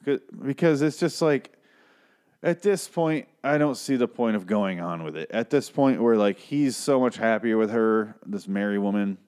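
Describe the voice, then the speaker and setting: A man's voice: lowish voice, normal speed, hardly any pauses, darkish tone, clear, resonant tone. A man casually recapping a TV episode, rambling, joking and swearing as he goes. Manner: rambling, profane, restarts a lot, jokey.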